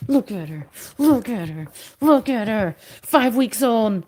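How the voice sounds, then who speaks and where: A woman's voice: fairly high pitch, animated, slow pace, a little mellow. Chatty woman teasing a puppy on a livestream. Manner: chatty, teasing, talks to puppies in playful scolding tones. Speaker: dog breeder hosting a livestream. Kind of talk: casual livestream chat.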